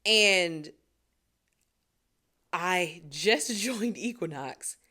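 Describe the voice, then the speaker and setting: Animated young woman vlogging on her phone. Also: fairly low pitch, drawn-out words. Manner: animated, laughs often, talks to viewers directly. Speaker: singer and vlogger. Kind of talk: casual reflective vlog to camera.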